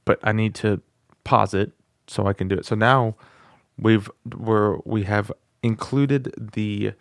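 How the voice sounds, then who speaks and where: On his music channel, a man talks casually through a beginner singing course and attempts the vocal drills aloud, vlog-lesson style. His voice is fairly low with fairly even intonation, and he speaks slowly. A studio microphone gives clean sound without echo.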